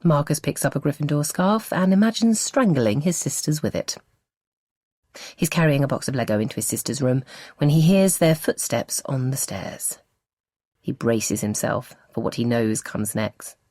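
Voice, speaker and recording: A woman narrating a novel as an audiobook, with expressive storytelling. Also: rumbling low, normal speed, dry recording.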